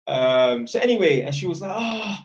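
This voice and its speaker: A man's voice: on the high side, animated, moderate pace. A young man chatting on a live stream, rambling and blunt, swearing freely. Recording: dull lo-fi sound.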